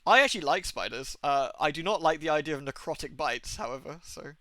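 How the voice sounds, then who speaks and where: A man's voice: on the high side, brisk, dry recording. A young man with an English accent, a game streamer telling rambling, sweary stories in casual chat. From England. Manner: rambling, sweary, animated storytelling.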